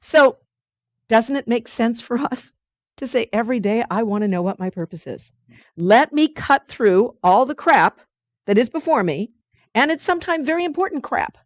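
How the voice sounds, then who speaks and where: A woman teaching a weekly spiritual study group, reading passages slowly and explaining them earnestly, with frequent restarts. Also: fairly high pitch, animated, dry recording.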